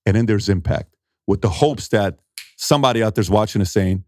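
A middle-aged man, an entrepreneur, telling animated stories in a conversational interview and acting out what people said. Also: lowish voice, a little fast, no echo, studio quality. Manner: animated storyteller acting out quotes, emphatic.

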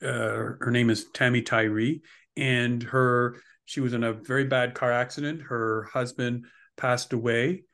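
A man's voice: mid-range voice, steady tone, unhurried, fairly bright tone. A man hosting a podcast interview, giving short responses and speaking hesitantly with fillers. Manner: brief listening responses, hesitant when speaking. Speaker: podcast host. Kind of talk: casual interview chat.

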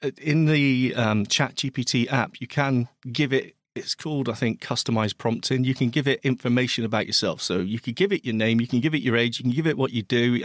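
A man with a West Country English accent, co-hosting a podcast in relaxed, enthusiastic chat about tech, with hesitant fillers. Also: medium pitch, no room sound, studio quality. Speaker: podcast co-host.

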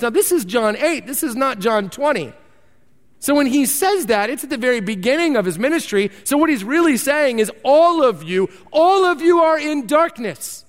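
A man preaching a sermon, reading scripture and then telling animated stories with emphatic repetition. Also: very high voice, normal speed, long reverb tail. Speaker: pastor.

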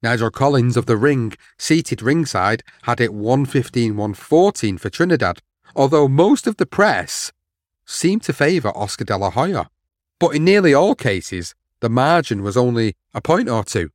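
Guy hosting a boxing history pod, mid pitch, steady storytelling, dry close sound. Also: moderate pace, no echo. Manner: steady storytelling, reading out quotes. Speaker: podcast host.

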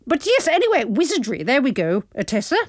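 A woman's voice: high voice, wildly swooping pitch, brisk, no echo, studio quality. A woman co-hosting a comic podcast, playful and rambling. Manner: playful, rambling, with frequent laughs. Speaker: podcast co-host.

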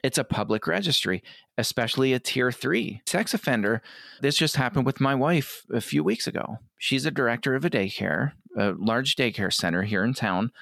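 Guest, male, middle-aged, earnest and direct, gravelly, dry mic. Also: mid-range voice, lively intonation, fairly bright tone, dry recording. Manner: earnest, quotes others in quick asides. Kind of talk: conversational interview.

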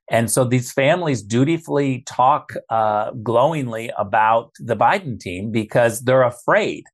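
A man makes his case as a guest on a political talk show. He talks forcefully, leans on repetition to drive points home, and his voice sits at an ordinary middle pitch. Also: animated, unhurried, hardly any pauses. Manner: forceful, emphatic, repeats key phrases.

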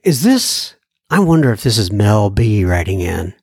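A man's voice: lowish voice, sing-song, moderate pace, husky, no echo, studio quality. A man hosting a podcast, reading listener mail in a casual, jokey way and laughing at his own jokes. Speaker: podcast host.

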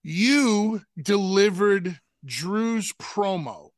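A male wrestling co-host speaks bluntly and emphatically, with the odd curse thrown in. His delivery is slow and deliberate, and the recording is dry and close. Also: high voice, expressive, no room sound. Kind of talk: casual chat.

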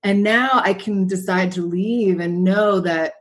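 A woman guest author talking thoughtfully in a podcast conversation, often pausing to find her words. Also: medium pitch, steady tone. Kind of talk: reflective conversation.

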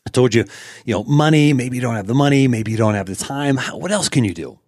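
A man's voice: medium pitch, animated, fast, a little mellow, dry recording, studio quality. A man hosting a podcast, telling a story in a chatty way with fillers and laughing as he goes. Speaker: podcast host. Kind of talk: casual storytelling monologue.

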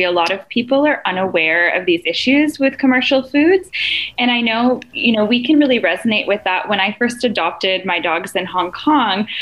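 A woman's voice: mid-range voice, fairly bright tone, dull audio. A woman from Canada, a company co-founder, guesting on a podcast and explaining things earnestly. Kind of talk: casual podcast interview.

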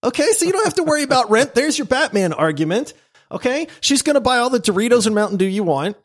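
A male podcast host in casual banter, his pitch swinging widely as he jokes and argues his picks. He laughs easily and keeps an animated, playful delivery. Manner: animated, jokey, quick to laugh.

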